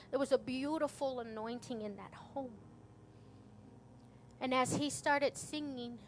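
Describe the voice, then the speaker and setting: A woman pastor tells a personal story from the pulpit, earnest and plain-spoken. Her voice sits a little high for a woman. A faint hiss runs under her voice. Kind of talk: sermon testimony storytelling.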